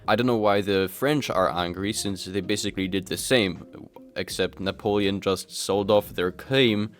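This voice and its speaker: A man's voice: sits low, moderate pace. A man hosting a casual commentary vlog, chatty and self-deprecating, addressing his viewers directly as he reviews comics. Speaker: YouTube host reviewing comics.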